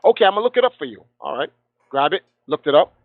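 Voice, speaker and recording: A man's voice: a little high, sing-song, quick pace, dry recording. A man guest telling a heated story with passion, acting out the voices of people he quotes. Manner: passionate, acts out quoted dialogue. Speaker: guest gamer. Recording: tinny phone line.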